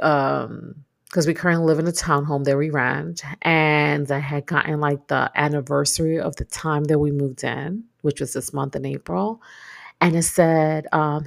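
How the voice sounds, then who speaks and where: A Brooklyn woman with a New York accent hosts a solo podcast, talking in a reflective, chatty, casual way. Her voice sits low with vocal fry.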